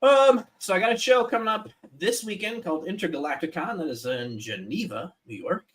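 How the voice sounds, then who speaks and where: A man chatting casually on a livestream, with a lively, swooping pitch and a bright, forceful tone. He trips over restarts as he talks. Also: brisk. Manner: animated, stumbling restarts. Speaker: guest artist.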